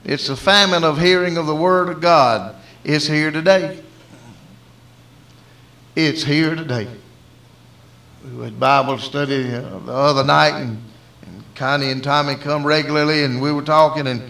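A man's voice: a little high, steady tone, a little slow, gravelly, long pauses, sharp tone. A man with a Southern US accent preaching a sermon in a folksy storytelling way. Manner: folksy storytelling, acting out dialogue.

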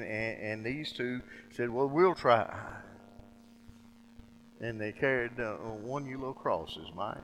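A man's voice: medium pitch, a bit bright, slight background noise, low-quality recording. A man preaching a sermon in a folksy, plainspoken storytelling way, often restarting his words and calling listeners friend.

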